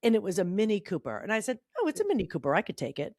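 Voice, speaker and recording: A woman's voice: mid-range voice, very fast, no echo, clean studio sound. A woman co-hosting a casual chat podcast, telling stories with lots of swearing and acted-out quotes. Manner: animated storyteller, swears, acts out quotes. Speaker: podcast co-host.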